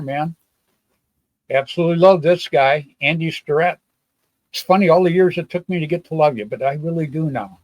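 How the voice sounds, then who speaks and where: A man's voice: on the high side, dry recording, rough recording. Folksy older man host, dry close sound. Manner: rambling, folksy, repeats himself. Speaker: show host. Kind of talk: casual live-stream chat.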